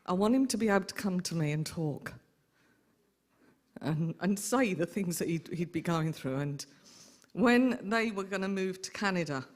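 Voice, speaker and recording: A middle-aged woman, an aunt telling lively stories in a memorial tribute. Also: lowish voice, moderate pace. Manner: lively anecdotal storyteller. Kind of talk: eulogy storytelling.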